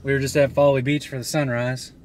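A man's voice: mid-range voice, flat delivery, quick pace, a little hiss or hum. A young man hosting a casual travel vlog, joking and playfully teasing as he chats. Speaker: vlog host.

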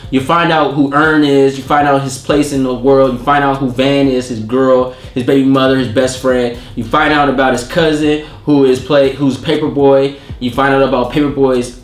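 A man hosting a casual TV review chat, talking animatedly and acting out scenes in quick put-on voices. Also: medium pitch, fairly even intonation, echoey room. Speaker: show host.

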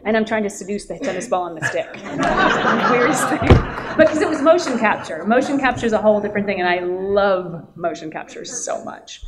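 A woman voice actress on a convention panel, telling animated stories and acting out quotes with a laugh. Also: medium pitch, fairly quick, a loud crowd. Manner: lively, acts out quotes and laughs often. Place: convention hall.

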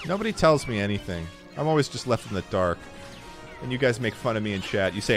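A man playing a video game on stream, swearing, grumbling and now and then yelling at the game. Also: fairly low pitch, animated, fast talker, soft background music. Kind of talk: casual gameplay commentary.

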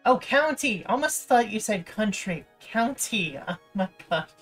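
A woman's voice: mid-range voice, lively intonation, measured pace, a bit bright, husky. A woman streamer giving casual, rambling gameplay commentary, playful and often cutting herself off mid-thought. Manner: rambling, playful, self-interrupting. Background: faint game music.

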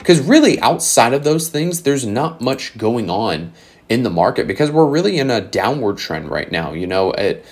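A young man hosting his own channel, giving blunt, sarcastic commentary on card prices in a casual way, a little hoarse as he says he is losing his voice. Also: mid-range voice, very animated, normal speed. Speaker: channel host.

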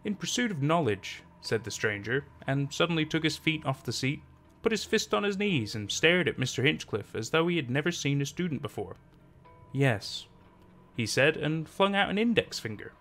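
A man narrating a classic short story in a measured storytelling manner. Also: a little high, big pitch swings, a bit bright, soft background music. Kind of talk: scripted narration.

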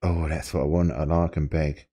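A man on a prank call with a very deep, dark voice. He talks in a creepy, whiny way, stammers and breaks into squeaky yelps. He is mellow in tone but needling throughout. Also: level tone, normal speed, slightly rough. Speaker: prank caller.

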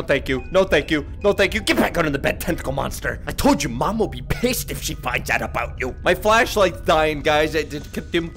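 A young man yells, laughs and swears through a horror game, his pitch leaping from low mutters to sudden high shrieks. His commentary is loud, jumpy and comedic. Faint game music plays behind him. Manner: profane, jumpy, yelps and laughs often. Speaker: gaming YouTuber.

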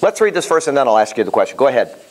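A man teaching a Bible class in a casual, animated way, telling stories and often restarting his sentences. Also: medium pitch, racing. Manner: animated, storytelling, repeats himself, many restarts.

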